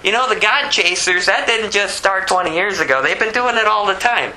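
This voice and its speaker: A man preaching an expository sermon, shifting between low scripture reading and high, pleading acted prayers, with a conversational delivery full of asides. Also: normal speed, pushed and bright, low-quality recording.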